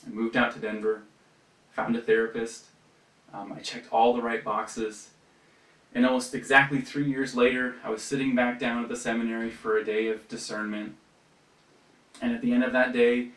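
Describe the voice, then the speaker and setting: The retreat speaker, a young adult man with a mid-range, slightly bright voice, reflects conversationally on his personal faith, often restarting and using fillers. The sound is distant and roomy.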